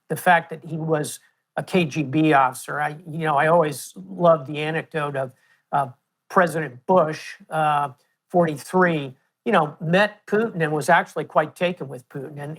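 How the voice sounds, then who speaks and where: Measured older American man. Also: fairly high pitch, fairly even intonation. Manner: measured, storytelling with historical examples. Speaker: guest, retired admiral. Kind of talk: interview answers.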